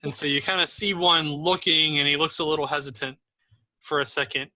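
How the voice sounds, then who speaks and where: A man narrating as game master in a tabletop role-playing session, easygoing and slowed by fillers as he learns the player names. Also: fairly high pitch, steady tone, sharp tone, dry recording, poor audio.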